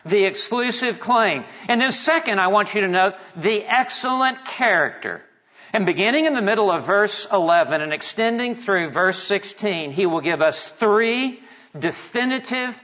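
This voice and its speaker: Emphatic preacher in a reverberant hall. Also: male voice, high voice, animated, pushed and bright. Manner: measured, emphatic preaching with dramatic pauses. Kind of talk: expository sermon. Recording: dull reverberant hall sound.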